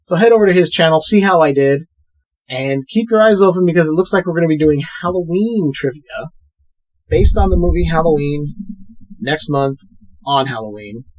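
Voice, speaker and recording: Guy hosting a podcast, kinda high voice, quick chatty plugs. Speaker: podcast host. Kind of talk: casual podcast chat.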